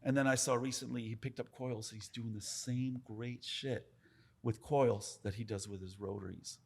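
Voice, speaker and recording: A man's voice: mid-range voice, steady tone, moderate pace, slightly rough. A man, a tattoo artist, telling stories in a casual podcast chat, emphatic and full of swearing. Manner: profane, emphatic, talks with his hands about craft.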